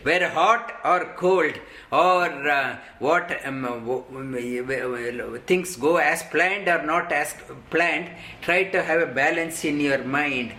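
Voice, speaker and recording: Slow, halting man teaching scripture. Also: a little high, pushed and bright. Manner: halting, many ums, slow deliberate explanation. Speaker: spiritual teacher. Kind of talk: scripture discourse.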